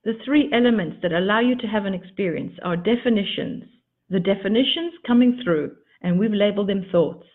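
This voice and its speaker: A woman giving a motivational teaching talk as a coach, with expressive emphasis and repeated words for effect. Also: mid-range voice, a little fast. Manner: addresses listeners as darlings. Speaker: spiritual coach. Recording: tinny phone-like audio.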